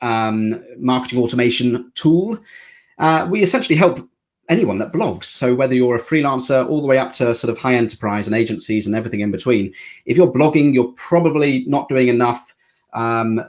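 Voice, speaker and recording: A man from the UK, a company founder, explaining his product in a relaxed podcast interview with some stammering restarts. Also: medium pitch, lo-fi sound.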